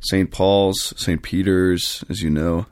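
A man's voice: sits low, steady tone, takes it slowly, darkish tone, smooth, no room sound, studio quality. A man who is a priest, chatting casually on a podcast and telling rambling stories with plenty of fillers and self-corrections.

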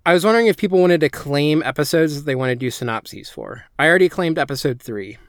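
A man's voice: fairly high pitch, lively intonation, quick pace, fairly bright tone, no echo, studio quality. A man hosting a casual podcast chat, hesitant and full of ums as he organizes the group. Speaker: podcast host.

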